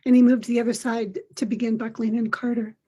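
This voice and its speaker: Older lady podcast host, soft reflective storytelling, kinda husky, highish voice. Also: level tone, quick pace. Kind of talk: personal storytelling monologue.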